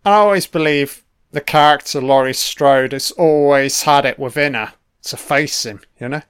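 A man's voice: a little high, moderate pace, a bit bright, clear, resonant tone, no room sound, clean studio sound. A man giving a casual, blunt film commentary, swearing constantly and full of opinions.

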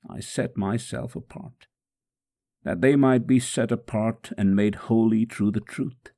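A man's voice: on the low side, gravelly, warm tone. A man reading aloud in the first person as a suffering man praying steadfastly through a scourging, in a solemn, prayerful way. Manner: solemn, prayerful, slow and measured.

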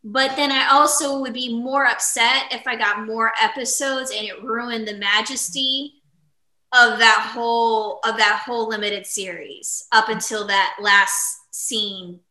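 Enthusiastic woman co-host, bright forceful tone, slightly high, echoey room. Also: fairly even intonation, unhurried. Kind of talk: casual chat.

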